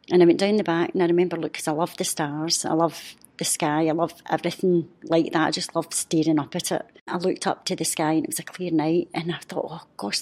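Husky, heartfelt woman in her fifties. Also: on the low side, darkish tone. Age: 50s. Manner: heartfelt, halting, with restarts. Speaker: podcast guest. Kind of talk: emotional personal story.

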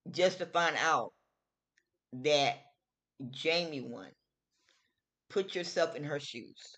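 A middle-aged woman hosting her own show, giving her opinion in a slow, emphatic, chatty way and repeating her phrases. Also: low voice, fairly bright tone. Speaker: host. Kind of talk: casual opinion talk.

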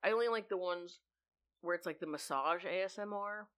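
Young woman, podcast co-host, lower voice, bright tone, profane, laughs a lot. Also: brisk. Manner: profane, laughs loudly and often. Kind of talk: casual chat.

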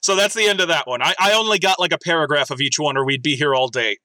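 A podcast host, a man, reads listener submissions as mock-serious drama, slowing and dropping his voice for the quoted lines. His tone is very bright and a touch high, recorded close and dry with no room sound. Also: no room sound. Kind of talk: casual chat and comic dramatic reading.

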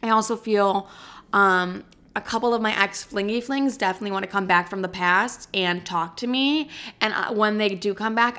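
A young woman hosting her own podcast, talking casually to listeners in a rambling, chatty way, swearing often and stumbling over her words while highly caffeinated. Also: moderate pace, pushed and bright. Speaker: podcast host. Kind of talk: casual solo podcast chat.

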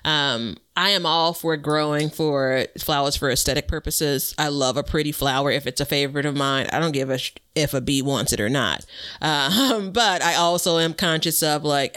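A man's voice: a little high, pushed and bright, clear, resonant tone. A man co-hosting a gardening podcast, sharing tips in an upbeat, friendly way. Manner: upbeat, friendly, tip-giving. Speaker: podcast co-host. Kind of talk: casual chat about gardening.

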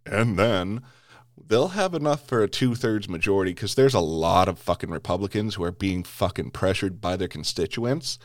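On his podcast, an American man launches into an angry political rant, swearing heavily and repeatedly stumbling and restarting. His voice is fairly low, and the clean studio recording has no room sound.

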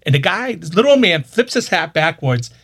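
Boston-accented male umpire, brisk and animated storyteller. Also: a little high, breathy edge, no echo, studio quality. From Boston area. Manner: animated, acts out both sides of the story. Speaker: umpire guest. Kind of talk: casual storytelling.

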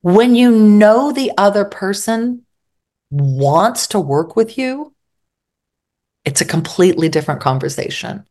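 A woman's voice: mid-range voice, lively intonation, measured pace, mellow. Woman, middle-aged therapist, candid, blunt, acts out arguments, conversational. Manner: candid, mildly profane, acts out dialogue. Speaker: psychologist and therapist guest. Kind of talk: conversational advice.

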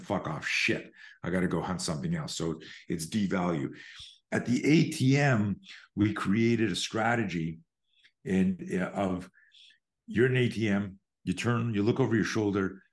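A middle-aged man with a lowish voice, talking as a podcast guest over a remote call. He explains self-defense ideas in a lively, profane way. He jumps into acted-out scenes as he goes. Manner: animated and profane, acts out scenarios. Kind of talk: conversational podcast interview.

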